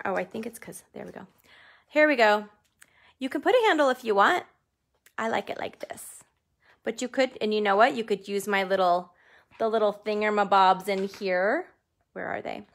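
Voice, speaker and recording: Woman, live craft demo host, mid-range voice with gravelly fry, chatty and self-joking. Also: medium pitch. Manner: chatty, laughs often, jokes about herself. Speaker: stamping craft demonstrator. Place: home craft room. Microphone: desk camera under studio lights.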